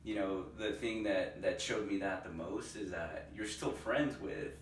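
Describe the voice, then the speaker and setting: A man from a small town in Texas, a podcast guest, reminiscing in a relaxed, reflective way with many you-knows. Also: on the low side, a little slow. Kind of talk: casual reminiscing chat. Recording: roomy echo, distant mic, faint noise.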